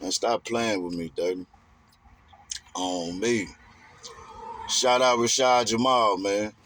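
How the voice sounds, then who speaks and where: A man's voice: fairly low pitch, steady tone, slow, fairly bright tone, slight background noise. A man giving a rambling, emphatic casual monologue in streetwise slang.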